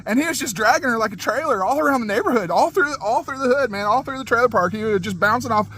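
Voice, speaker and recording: A high-voiced man tells a story in a loose, rambling way, full of fillers and restarts. He laughs as he talks. His manner is casual and animated, like a vlogger chatting to his viewers. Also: fast talker, slight background noise, low-quality recording. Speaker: channel host.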